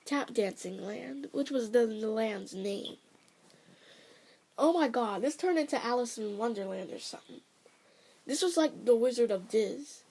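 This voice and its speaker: A woman's voice: fairly high pitch, lively intonation, measured pace, dark tone, slightly rough. A woman casually retelling a cartoon episode, rambling and self-correcting, with chatty asides. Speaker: storyteller.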